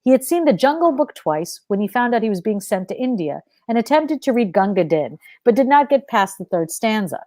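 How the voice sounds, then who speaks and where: A woman author reading her fiction aloud in a measured, expressive narration. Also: fairly high pitch, no room sound.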